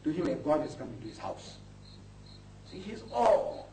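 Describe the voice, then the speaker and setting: A man's voice: a little high, big pitch swings, normal speed, dark tone. A man preaching to a live audience, impassioned and full of rhetorical questions. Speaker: Islamic preacher. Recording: echoey hall from far off, faint hiss.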